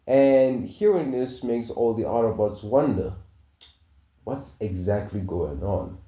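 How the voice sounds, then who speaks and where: A man's voice: mid-range voice, animated, slow. A young man casually narrating a fan-made story, rambling and hesitant with many fillers. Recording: dull, roomy home recording.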